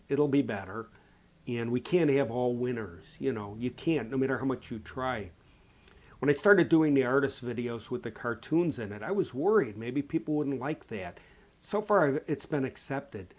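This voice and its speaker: A man's voice: medium pitch, darkish tone. A man from the Chicago area with a Chicago accent, chatting casually as a painting instructor, rambling and folksy with lots of "you know", while nursing a cold. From Chicago area, USA. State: has a cold. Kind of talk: casual chat answering viewer comments.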